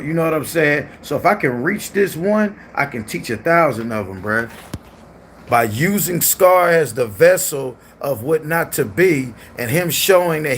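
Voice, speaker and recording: A man's voice: on the high side, a bit bright, slight background noise. A man hosting a livestream who chats casually, in a loose, profane and repetitive way. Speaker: livestream host.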